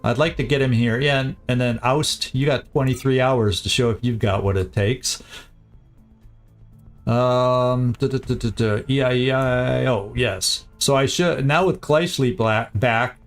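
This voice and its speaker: A man talks through his game plans as he streams, his voice sitting at an ordinary middle pitch. He mutters, restarts and repeats words as he thinks aloud. Faint game music plays underneath. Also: a little slow. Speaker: gaming streamer. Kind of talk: casual gameplay commentary.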